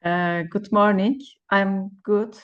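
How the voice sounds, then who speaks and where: A woman's voice: mid-range voice, steady tone, slow, clean tone, narrow, tinny audio. Hesitant older Turkish woman on a call. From Turkey. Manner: hesitant, simple answers. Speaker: student. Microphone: video call.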